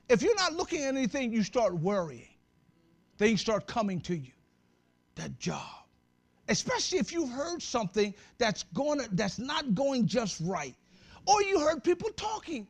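A man preaching a sermon as pastor, talking straight to his congregation with humor and breaking into shouts at the high points. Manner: conversational, addresses the congregation directly.

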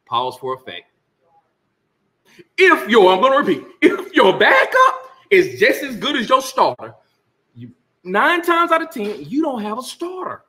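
A man's voice: very high voice, wildly swooping pitch, unhurried, sharp tone. A man hosting a casual sports talk rant, emphatic and sarcastic with laughing asides. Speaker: sports commentary host.

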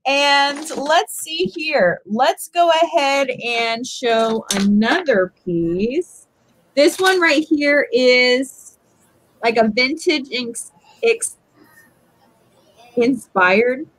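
A woman's voice: high-pitched, animated, very slow, rough recording. A woman hosting a live jewelry auction stream, chatting casually as she describes each piece.

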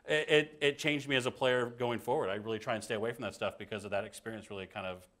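A man speaking on a panel as an improv performer, telling stories in an animated, self-deprecating way. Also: medium pitch, quick pace. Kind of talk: conversational panel talk.

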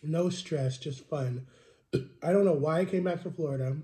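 Young man, sick with a cold, casual vlog chat, rambling, frustrated, mellow tone, echoey room. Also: fairly high pitch, normal speed. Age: young adult. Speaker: vlogger.

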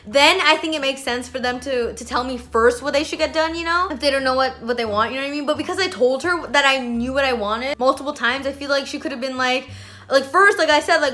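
A woman's voice: high voice, quick pace, pushed and bright. A young woman vlogger from Canada telling an exasperated storytime rant in a chatty way, full of "like.". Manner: chatty, exasperated, heavy use of "like".

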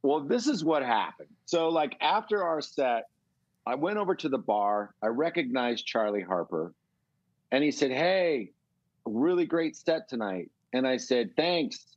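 A middle-aged man from California, telling a long, animated story as a guest in a casual interview. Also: medium pitch, measured pace, no echo, highs cut off. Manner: rambling, animated storytelling with swearing. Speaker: guest musician.

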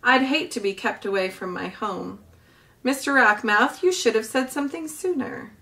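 A woman voicing a young male beaver in a storybook reading, with a high, childlike voice. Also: normal speed, pushed and bright. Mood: soft. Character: young boy beaver, frightened then gentle.

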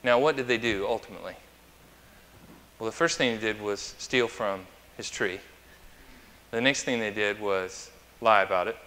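Bright-voiced male pastor in reverberant church. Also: on the low side, normal speed. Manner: chatty and anecdotal, asking the congregation questions. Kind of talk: conversational sermon. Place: church sanctuary.

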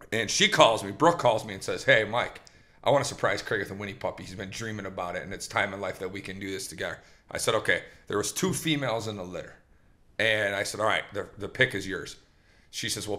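A podcast host with a fairly low voice tells a long, rambling story, animated and casual, restarting sentences and quoting lines as he goes.

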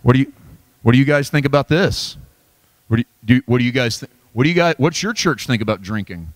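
A pastor delivers a Bible study sermon in an emphatic, folksy way, poking fun at himself between points. His voice swings from quiet low asides up to high, excited exclamations. The sound is dry and close, with little room echo. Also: quick pace. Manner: folksy, self-deprecating humor. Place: church.

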